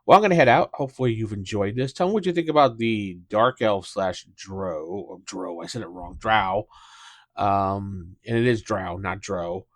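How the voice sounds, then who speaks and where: A man's voice: lowish voice, brisk, few pauses, no echo. A middle-aged man, a dungeon master hosting his own channel, talks casually and in a rambling way, with many fillers and restarts. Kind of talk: casual talk to camera about tabletop gaming.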